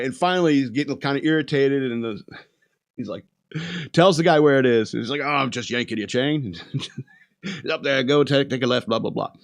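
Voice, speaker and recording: A man hosting a podcast, casually retelling a movie in a rambling way, laughing often and acting out quotes. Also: medium pitch. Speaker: podcast host. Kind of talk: casual movie review rant.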